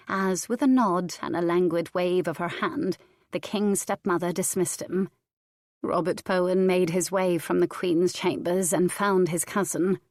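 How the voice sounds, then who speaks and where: Woman, audiobook narrator, measured storytelling, low voice, dry close mic. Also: a little mellow, no echo.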